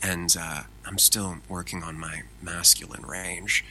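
A man, a voice actor chatting casually as an interview guest, animated and self-deprecating. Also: low voice, a little slow, a little hiss or hum, rough recording.

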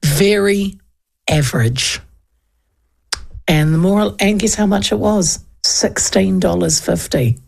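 A woman's voice: medium pitch, slow pace, vocal fry, long pauses, darkish tone. A woman radio host with a New Zealand accent, chatting and telling a funny story, acting out the people in it. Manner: chatty storyteller, acts out quoted voices. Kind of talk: casual chat and anecdote.

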